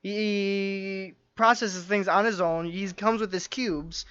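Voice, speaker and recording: A man's voice: high voice, fairly even intonation, slow, fairly bright tone, smooth, no echo. A man co-hosting a podcast in casual chat, rambling eagerly with many fillers and restarts. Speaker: podcast co-host. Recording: dull lo-fi dry recording.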